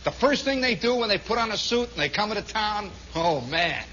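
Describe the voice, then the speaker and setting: An Indiana radio host tells a long, rambling story on his show, full of asides, in a high voice that is lively, a little fast, and sharp. The recording is a dull lo-fi 1960s radio broadcast with a little hiss or hum.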